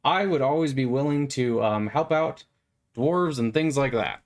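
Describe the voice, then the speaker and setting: A man's voice: mid-range voice, animated, unhurried. A man gives rambling gameplay commentary while playing, talking in a playful, meandering way with stammers and lots of fillers. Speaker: gamer.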